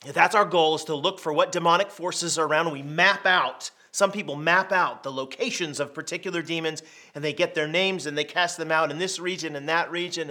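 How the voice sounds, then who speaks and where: A middle-aged man preaching a conversational sermon, telling stories in a lively, plain-spoken way. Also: a little high. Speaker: pastor.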